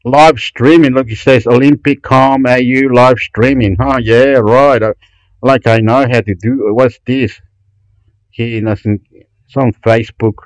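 A man's voice: mid-range voice, steady tone, unhurried, no room sound, low-quality recording. Profane, gushing man. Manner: loud, profane, gushing and repetitive. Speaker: YouTube vlogger. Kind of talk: excited rambling screen commentary.

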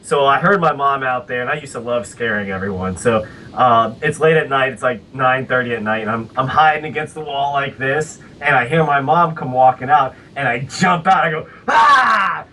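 A man's voice: mid-range voice, fairly quick, pushed and bright, recorded from a distance, a little hiss or hum, low-quality recording. A man co-hosting a podcast, telling a childhood story with many hesitations. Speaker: podcast co-host. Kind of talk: casual storytelling over a call.

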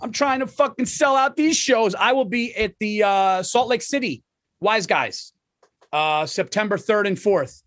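A man co-hosting a comedy podcast in casual banter, talking fast and swearing freely while plugging his tour dates. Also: high-pitched, a bit bright.

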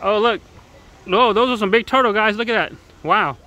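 A mid-range, pushed, bright voice moves at a moderate pace as a parent narrates a zoo outing for a family vlog. Between lines to viewers, they playfully encourage a child, with visitor crowd noise all around outdoors.

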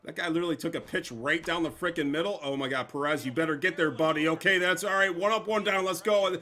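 A young man giving casual, excitable gameplay commentary, cursing and trash-talking the opponents. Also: a little high, fast talker. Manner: excitable, profane trash talk. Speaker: gameplay streamer.

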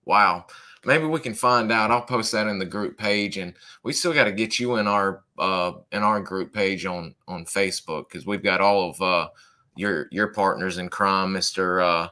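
Halting male podcast host, bright voice. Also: low voice. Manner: halting, many restarts and fillers. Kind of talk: interview.

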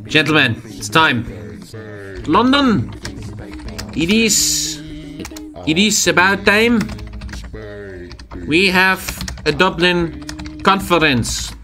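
Guy streaming a strategy game, high bright voice, swears a ton, faint music under it. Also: lively intonation, very slow, pauses often. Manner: crude, joking, swears a lot. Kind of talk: live game stream commentary.

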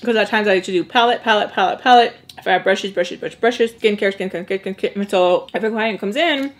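A young woman who works as a makeup artist tells a long storytime while eating, speaking quickly in a mid-range voice. She's chatty, acts out quoted voices, and drops into Spanish slang.

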